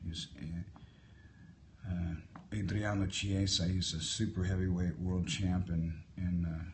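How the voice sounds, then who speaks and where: At sunrise in a hotel, a man in his fifties with a deep, low voice talks into a phone held for a live stream, answering viewer comments in a relaxed, musing way. He's a little slow, drifting from topic to topic over faint ambient noise.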